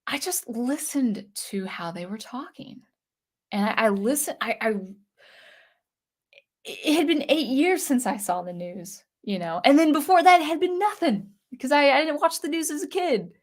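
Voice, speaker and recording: A woman's voice: high-pitched, expressive, normal speed. A woman in her thirties chats casually on a livestream, reading viewers' comments aloud. Her voice sounds weak and thick with phlegm from allergies. She rambles and hesitates, often starting her sentences over. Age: 30s. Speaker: channel host reading live chat.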